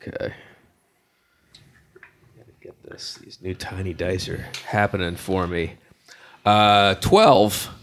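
A man with a lowish voice chats at a tabletop game with friends. He is playful and jokey, describing his moves and reacting to his rolls. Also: little pitch movement, slow pace, long pauses, a bit bright. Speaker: player. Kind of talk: casual tabletop game chat.

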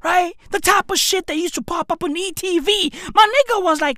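A young woman telling profane comic stories, jumping from high squeals to low mutters and packing in slang. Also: animated, unhurried, sharp tone, no room sound.

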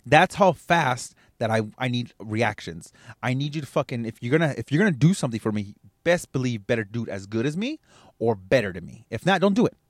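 A man's voice: medium pitch, lively intonation, brisk, no echo, studio quality. A man, a father, giving a blunt, profane motivational rant as a podcast host. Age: adult with kids.

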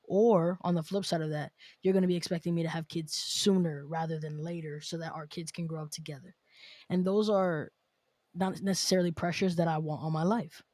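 A woman's voice: lowish voice, steady tone, a little fast, a little mellow, no echo. A woman hosting a podcast, chatting casually and animatedly, laughing often as she talks. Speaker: podcast host.

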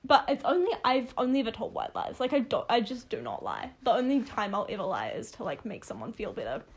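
A woman's voice: on the high side, wildly swooping pitch, fast talker, husky. A young woman co-hosting a podcast in casual chat, chatty and laughing often, with a casual swear here and there. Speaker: podcast co-host.

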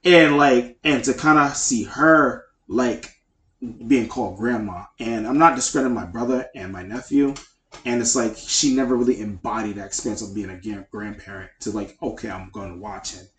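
A man's voice: mid-range voice, normal speed, a bit bright. A man co-hosting a podcast in casual chat, speaking in a heartfelt, rambling way with lots of fillers. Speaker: podcast co-host. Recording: echoey room.

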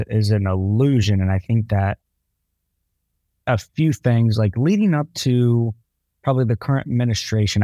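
Podcast host, man, reflective, low dark voice, dry dull recording. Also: dry recording. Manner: reflective, thinking aloud. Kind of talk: casual conversation.

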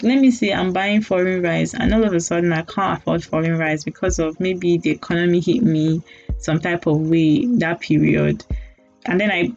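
A young Nigerian woman with a lowish voice holds forth on her solo podcast, candid and teasing, slipping in mock apologies and laughing asides. The audio is dull and lo-fi, with faint music underneath. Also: a little mellow. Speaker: podcast host. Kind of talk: casual solo podcast monologue.

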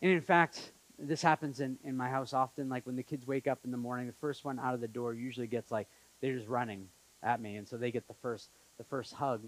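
A man preaching a conversational sermon as pastor, acting out quotes in an animated way. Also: medium pitch, fairly quick, poor audio. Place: church in Montreal.

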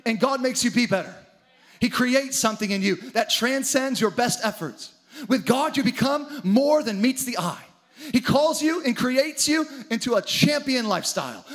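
A man preaching a sermon with dramatic energy, acting out the story's characters in his own voice. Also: very high voice. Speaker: pastor.

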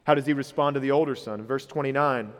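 A man's voice: mid-range voice, fast talker. A man in his thirties preaching a sermon as a pastor, earnest and rising in emphasis when he retells the story. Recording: reverberant hall.

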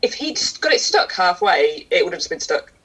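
A woman's voice: fairly low pitch, sing-song, a little fast, a bit bright, husky, lo-fi sound. A woman chatting casually about a film, reacting and adding her own thoughts. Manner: conversational, reactive.

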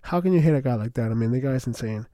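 A young man hosting a podcast, rambling excitedly in casual slangy chatter, full of "bro" and "like". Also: mid-range voice, fast, dry recording. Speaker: podcast host. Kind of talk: casual solo podcast talk.

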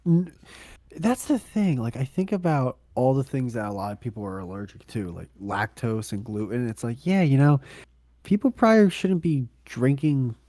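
A man's voice: medium pitch, expressive, moderate pace, mellow, no echo, clean studio sound. A man co-hosting a podcast in loose casual chat, swearing often. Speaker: podcast co-host.

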